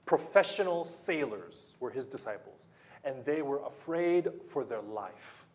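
Slow, animated male preacher. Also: medium pitch. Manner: emphatic, repeats phrases and asks rhetorical questions. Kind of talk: sermon.

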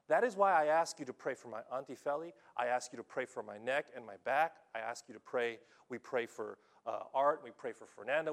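Animated pastor preaching a sermon, man. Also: medium pitch. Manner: animated, emphatic, checks in with listeners. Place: church in Japan.

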